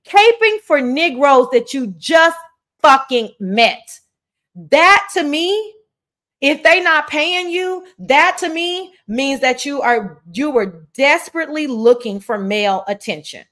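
A woman's voice: high voice, lively intonation, takes it slowly, a bit bright. A woman host with a Southern accent, giving blunt, profane commentary in a casual chat.

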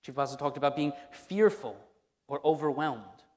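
A man's voice: mid-range voice, lively intonation, moderate pace, darkish tone. A man preaching a sermon as pastor, speaking conversationally and repeating key phrases for emphasis. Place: church sanctuary. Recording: long hall reverb in a church.

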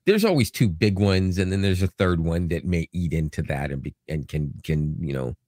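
A man's voice: low-pitched, moderate pace, dry recording, clean studio sound. A Canadian man co-hosting a podcast, chatting casually with jokes and rambling asides. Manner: rambling, joking, animated storytelling. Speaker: podcast co-host. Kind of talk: casual chat.

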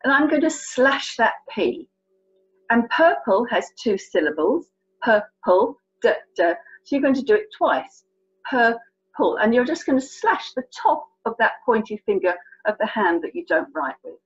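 A sign language tutor from England, speaking British English, teaches children the signs for colours in a chatty, playful, encouraging manner. Her voice is fairly high, sing-song and husky, with a measured pace. The highs are cut off, and soft music plays in the background.

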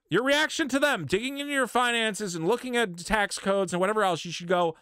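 A man's voice: high-pitched, a little fast, few pauses, bright, forceful tone, smooth, dry recording, clean studio sound. A man ranting in a commentary video, heated and profane, mocking and lecturing the viewer. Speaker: commentary YouTuber.

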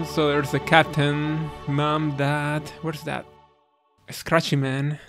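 A man gives unhurried let's-play commentary in a slightly high voice, chuckling at what unfolds and musing about the game. He sounds teary and moved. Faint game music plays behind him. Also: little pitch movement. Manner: reactive, chuckling, reflective. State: tearing up. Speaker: gaming channel host.

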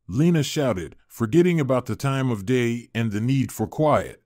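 A man reading a story aloud in a steady, even scripted narration. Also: medium pitch, normal speed, hardly any pauses, no echo, clean studio sound.

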